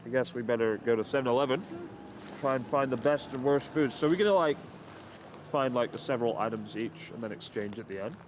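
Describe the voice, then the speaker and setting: A man's voice: medium pitch, a little fast, noisy background, natural voice. A man doing a fake American accent as he chats to camera while travelling. He jokes around and laughs often. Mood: joking. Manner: jokey, laughs often, swears. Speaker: travel vlogger. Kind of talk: casual chat on camera. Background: background music.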